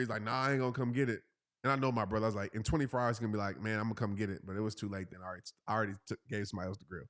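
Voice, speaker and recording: A man's voice: lowish voice, very fast, a bit bright. A man, casually telling a funny story and acting out the voices of the people in it. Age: 30s. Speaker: motivational speaker telling a story.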